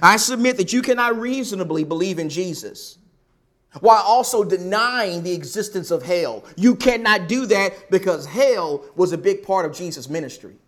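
High-voiced preacher man, emphatic. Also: lively intonation, normal speed, a bit bright. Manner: emphatic, repeats key points. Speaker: pastor. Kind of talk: sermon.

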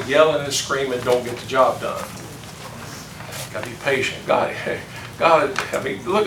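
A man's voice: mid-range voice, recorded from a distance. Older man teaching a folksy Bible class. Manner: folksy, chuckling, asks the class questions. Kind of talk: informal Bible class lesson. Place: classroom or church meeting room. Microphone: distant room mic. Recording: echoey room recorded from afar with background noise.

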